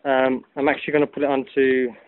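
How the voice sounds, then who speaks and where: A man's voice: medium pitch, completely flat delivery, quick pace, smooth, dry recording. A man casually demonstrating a gadget outdoors, chatting loosely with many ums and restarts, recorded on a phone. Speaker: hobbyist video maker. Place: outdoors in afternoon sun. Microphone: phone camera. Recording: tinny phone-like audio.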